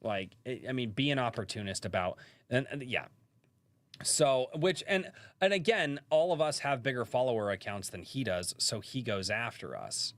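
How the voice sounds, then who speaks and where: Male stream host, casual and rambling, mid pitch, dry room. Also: sing-song, moderate pace, a bit bright, no room sound. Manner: rambling, full of fillers and restarts. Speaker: live-stream podcast host. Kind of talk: casual live-stream chat. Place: rural home.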